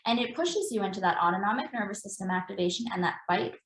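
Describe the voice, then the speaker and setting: A woman embodiment practitioner is a guest on a conversational podcast interview, speaking fast and expressively in a mid-range voice. She explains earnestly, repeating phrases for emphasis, and the room sounds echoey.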